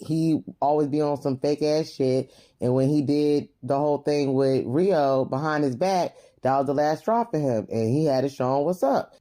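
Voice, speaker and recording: A woman recapping a reality show episode in a casual, slangy, animated vlog with frequent laughs. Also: sits low. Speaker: reality TV reviewer.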